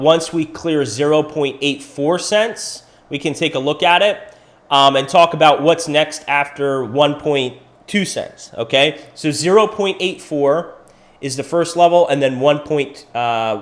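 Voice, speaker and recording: A middle-aged man from Pennsylvania hosting a crypto livestream, walking through price charts and answering viewers in chat by name. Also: a little high. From Pennsylvania, USA. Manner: animated, talks to viewers by name. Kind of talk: live chart analysis with chat questions.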